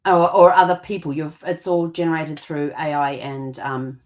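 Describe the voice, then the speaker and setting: A woman co-hosting a casual conversation with a somewhat low voice. She explains in long, loose runs, trailing off and restarting often. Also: level tone, normal speed. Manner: rambling, with many fillers and restarts. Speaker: co-host.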